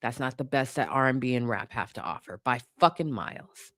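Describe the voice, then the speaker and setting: A woman's voice: a bass voice, expressive, a little fast, a bit bright, dry recording, clean studio sound. A woman commentator in a casual opinion rant, blunt and profane, hammering her points by repeating them. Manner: emphatic, repeats points for force.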